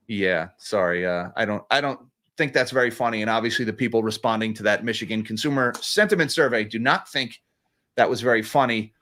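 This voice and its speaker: A man's voice: mid-range voice, lively intonation, a little fast, fairly bright tone. A man hosting a casual livestream about economics, reading super chats with a sarcastic, chuckling manner and frequent restarts.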